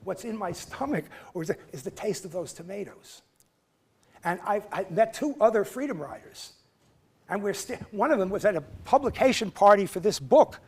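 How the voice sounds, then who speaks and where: A man in his seventies giving a lecture, telling personal stories conversationally with halting restarts. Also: high-pitched, expressive, husky. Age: 70s. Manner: conversational, halting restarts, acts out quoted voices. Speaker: guest lecturer. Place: lecture hall.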